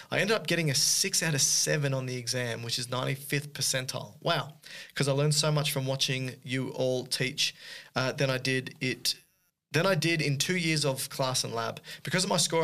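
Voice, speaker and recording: This is a man chatting casually on a podcast. He teases his co-host and breaks off mid-email with quick jokey asides. His pitch sits in the ordinary middle range. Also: a bit bright. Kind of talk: casual chat, reading listener emails aloud.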